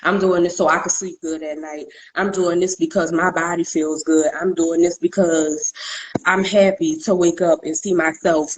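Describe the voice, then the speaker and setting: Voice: mid-range voice, flat delivery, moderate pace, low-quality recording. A podcast co-host sharing personal thoughts candidly, in an emphatic, repetitive, self-affirming way.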